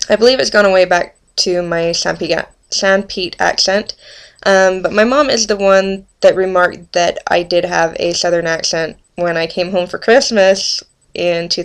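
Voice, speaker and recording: Woman, 20s, rural Utah accent, lowish voice; casual vlogger, chatty, lots of ums and restarts. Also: clear, resonant tone. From Utah, USA. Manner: chatty, with frequent ums and self-corrections. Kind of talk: casual dialect tag video.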